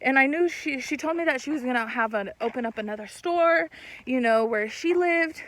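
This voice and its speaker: A young woman in casual storytime talk, animated and swearing, acting out what people said. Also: sits high, moderate pace, dry recording. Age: young adult. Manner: animated, swearing, laughs mid-story, acts out quotes. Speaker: vlogger.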